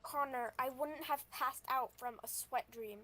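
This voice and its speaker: A woman's voice: high voice, bright, forceful tone. A woman playing a shaken young vampire girl. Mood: insistent. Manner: halting, stammering restarts. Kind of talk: voicing a character in a tabletop game.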